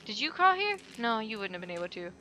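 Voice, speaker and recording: Bright-voiced woman muttering through gameplay. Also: a little high, very animated, fast talker, a little hiss or hum. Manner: jittery, swearing, mutters to herself. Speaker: let's play host. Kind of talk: gameplay commentary. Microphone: headset mic flipped up above head.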